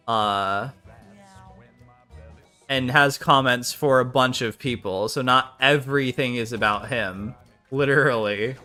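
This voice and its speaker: A man's voice: medium pitch, pushed and bright, clean tone. A British man rambling casually while reacting to clips on a live stream, often unsure and trailing off.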